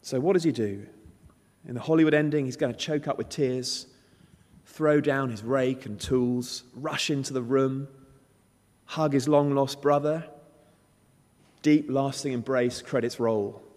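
A man's voice: mid-range voice, steady tone, a little slow, a little mellow. A man preaching a sermon, emphatic and storytelling, acting out the characters' lines. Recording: long hall reverb.

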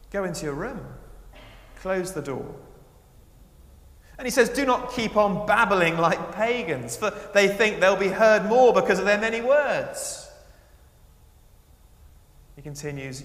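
A male preacher delivering a sermon with a fairly high voice. He swings between raised, emphatic lines and quiet asides. The sound carries a long, roomy echo from a church hall. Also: expressive, slow, pauses often.

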